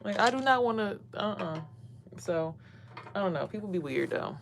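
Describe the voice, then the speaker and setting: A woman's voice: medium pitch, moderate pace, gravelly, a little hiss or hum. A woman venting casually to camera as a spiritual reader, blunt and profane. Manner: blunt, swears a lot, animated quoting of others.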